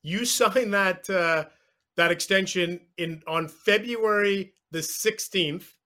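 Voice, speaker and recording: A man appearing as a guest sports writer, thinking out loud and second-guessing his memory as he talks. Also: high voice, takes it slowly. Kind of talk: casual chat.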